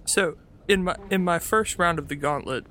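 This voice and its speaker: A man as a player in a tabletop game, speaking haltingly. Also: a little high, pushed and bright. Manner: hesitant, halting. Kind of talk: tabletop role-play.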